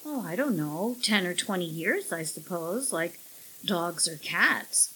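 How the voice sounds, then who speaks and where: A woman voicing a sharp-tongued, impatient young wife in an audiobook, speaking curtly and tartly. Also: fairly low pitch, expressive, slow pace, breathy edge, heavily acted, poor audio. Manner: curt and tart. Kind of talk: audiobook character voice.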